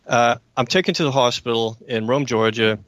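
A man's voice: mid-range voice, normal speed, fairly bright tone, no room sound. Male talk radio host, mid-range voice, very dry close mic, emphatic personal storyteller. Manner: earnest, emphatic, keeps checking in with listeners.

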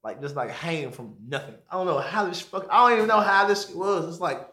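Bright-voiced young man telling a story. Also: quick pace. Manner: animated, jumps into high squeaky voices when quoting himself; swears freely, drops to a mumble on asides. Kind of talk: casual storytelling among friends.

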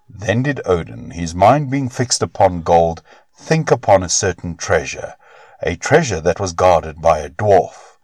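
A man with a low voice reads a storybook tale, his pitch rising and falling with expression. The recording is close and dry, with no room sound. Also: no room sound. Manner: expressive, measured reading. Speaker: narrator. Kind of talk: storybook narration.

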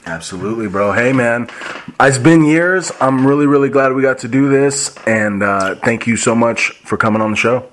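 A man's voice: medium pitch, moderate pace, fairly bright tone, slight background noise. A man hosting a podcast, telling loose, profane, rambling anecdotes in casual chat. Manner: frequent restarts and fillers. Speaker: podcast host.

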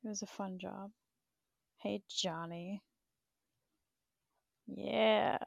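A woman's voice: mid-range voice, steady tone, drawn-out words, gravelly, no echo, muffled recording. A woman in her thirties hosting a livestream in blunt, profane, rambling chat, laughing often. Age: 30s. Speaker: livestream host.

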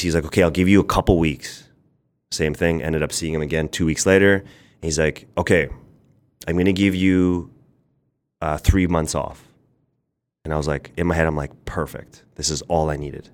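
A man, a podcast guest, candidly telling a personal story in a rambling way, full of fillers. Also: very deep voice.

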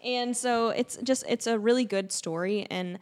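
A woman's voice: a little high, moderate pace. A woman from Central Illinois, co-hosting a podcast in casual, chatty talk full of fillers. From Central Illinois, USA. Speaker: podcast co-host. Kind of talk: casual chat.

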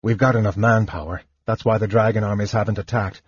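A man voicing an earnest, honorable young knight who speaks in a measured, controlled way, on a muffled lo-fi recording. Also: on the low side, steady tone, husky, no room sound. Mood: restrained.

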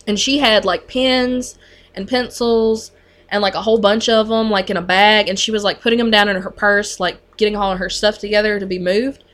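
A woman who works on a mental health unit tells a story from her job in a relaxed, conversational way. Her pitch sits in the middle of the usual range. She talks chattily, leaning on fillers like "like" and "you know". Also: moderate pace.

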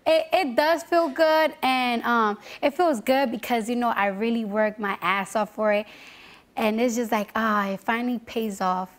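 A woman's voice: fairly high pitch, normal speed. A young woman, casual and slangy, laughing through a talk show interview. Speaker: guest. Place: TV studio. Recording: background noise.

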